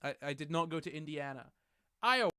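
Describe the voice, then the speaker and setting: Young male streamer, casual and chatty, with a crisp, bright tone. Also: a little high, animated, a little fast, no echo, studio quality. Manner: rambling, chatty, self-correcting with light laughs. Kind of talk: casual livestream chat. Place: at his desk at home. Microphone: desk microphone.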